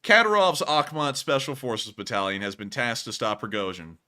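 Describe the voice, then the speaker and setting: Bright punchy guy hosting a livestream, animated and emphatic, laughs a lot. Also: medium pitch, moderate pace. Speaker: host. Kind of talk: casual livestream news commentary.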